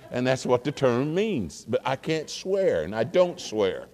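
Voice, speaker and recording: A man's voice: medium pitch, big pitch swings, measured pace, a little mellow. A man preaching, telling a rambling folksy story with many fillers and restarts. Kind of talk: casual sermon anecdote. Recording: long hall reverb.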